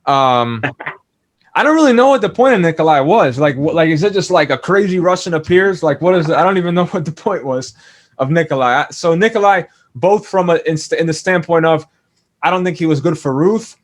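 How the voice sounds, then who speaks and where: A man's voice: on the high side, expressive, fairly quick. A man as a podcast guest, chatting casually about a TV series, thoughtful, with many fillers and restarts. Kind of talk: casual TV discussion.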